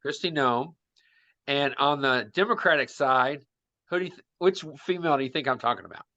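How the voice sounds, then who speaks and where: Bright-voiced man with bold opinions. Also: medium pitch, fairly quick, dull audio. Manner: opinionated, makes bold predictions. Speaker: podcast co-host. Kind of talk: casual political chat.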